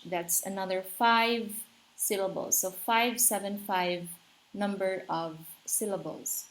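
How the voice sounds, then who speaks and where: A woman's voice: medium pitch, takes it slowly, a bit bright, low-quality recording. A woman teaching literature in a patient, explanatory lecture, checking in with her listeners and tapping out rhythms aloud.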